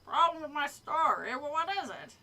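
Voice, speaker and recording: Figure: a proud, eager male blob monster who writes stories, put on by a woman. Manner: gurgly and keen for praise. Sound: high, bright voice, recorded a little far from the mic. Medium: storybook read aloud. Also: big pitch swings, normal speed, full character voice.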